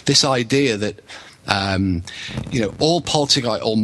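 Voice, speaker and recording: A man's voice: medium pitch, lively intonation, measured pace, a bit bright, a little hiss or hum. A man, a podcast host, explaining research skeptically in casual chat with frequent restarts.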